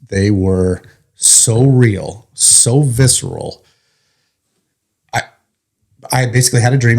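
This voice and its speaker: A firefighter guest, his voice fairly low and darkish in tone, tells his own story candidly and vividly. He speaks plainly, swearing bluntly along the way.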